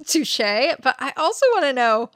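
A chatty woman co-hosting a podcast who giggles often and reads questions aloud. Her voice is bright and slightly high, with a lively rise and fall. The sound is dry and close-miked. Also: takes it slowly, no room sound. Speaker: podcast co-host. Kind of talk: casual comedic chat.

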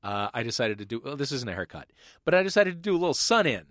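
A man hosting a comedy panel podcast, running the game with animated, playful mock outrage. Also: medium pitch, fast talker. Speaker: podcast host.

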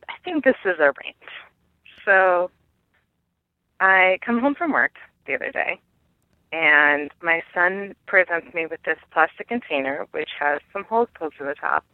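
A woman's voice: lowish voice, no room sound. A woman in her thirties calling in to tell a rambling, self-mocking parenting story, her voice coming through a phone. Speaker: caller sharing a parenting story. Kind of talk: recorded phone rant. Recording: tinny phone line.

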